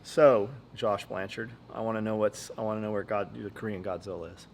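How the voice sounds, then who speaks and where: A man's voice: on the low side, steady tone, fairly quick, slight background noise. A man hosting a podcast in casual chat, blunt and profane, rambling from story to story. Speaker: podcast host.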